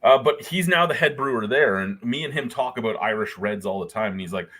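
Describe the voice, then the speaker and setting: A man's voice: mid-range voice, expressive, fairly quick, a bit bright. A man in a casual beer chat, ranting with lots of swearing and exasperation. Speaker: guest.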